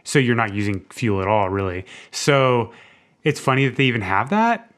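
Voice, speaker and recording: A man's voice: mid-range voice, animated, normal speed, a bit bright. A man co-hosting a podcast, chatting casually about a TV episode, laughing often and filling with "like". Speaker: podcast co-host. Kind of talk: casual chat recapping a TV episode.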